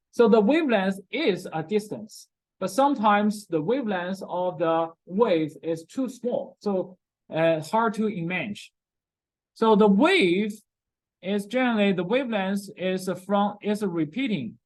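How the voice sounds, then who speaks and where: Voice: medium pitch, poor audio. Recorded classroom lecture, chemistry teacher, repeats key words, frequent "okay?" checks, non-native grammar.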